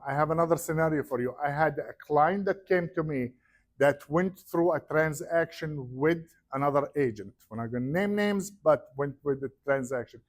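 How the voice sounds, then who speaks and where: Male agent, lively storyteller, fairly high voice, seminar talk. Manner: animated storyteller, acts out quoted voices. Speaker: real estate agent.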